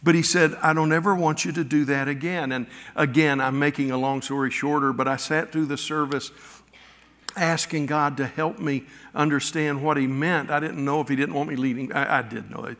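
A middle-aged male pastor preaching a sermon, telling personal stories with halting restarts and acted-out quotes. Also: on the high side, fairly even intonation, fairly bright tone. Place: church sanctuary. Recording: long reverb of a church hall.

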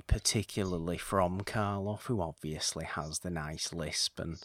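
A man with a very low voice hosts a casual podcast chat at a measured pace, talking steadily. He's enthusiastic and rambling, often doubling up on his words, and the audio is dry and close with no room echo.

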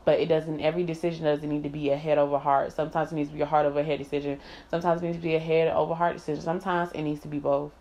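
A woman speaks straight to camera in a personal vlog, blunt and emphatic, cursing casually and laughing as she talks. Her voice sits on the lower side. The recording is slightly muffled and lo-fi. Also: flat delivery, very fast, few pauses, mellow. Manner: candid and emphatic, swearing freely, laughing often. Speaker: vlogger. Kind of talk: candid personal monologue. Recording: slightly dull lo-fi sound.

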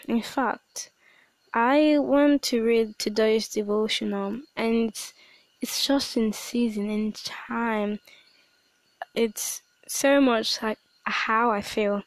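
A young woman recording a reflective voice diary at home on her phone, speaking softly and hesitantly with frequent restarts. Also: a little high, dry recording. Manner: soft-spoken, hesitant, halting with restarts. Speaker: personal audio diarist. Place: at home at night.

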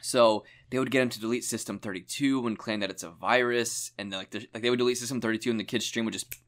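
A man's voice: mid-range voice, fairly even intonation, quick pace, fairly bright tone. A young man co-hosting a casual chat, telling stories animatedly with lots of swearing and laughter. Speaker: podcast co-host.

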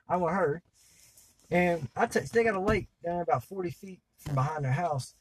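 A man's voice: sits high, lively intonation, moderate pace, slightly rough. A man telling a crude story in a rambling, profane, laid-back way while stoned. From US South. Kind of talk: crude storytelling in casual chat.

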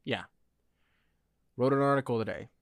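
A man co-hosting a podcast in casual sports chat, animated, with quick asides. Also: medium pitch, dry recording, clean studio sound. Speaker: podcast co-host.

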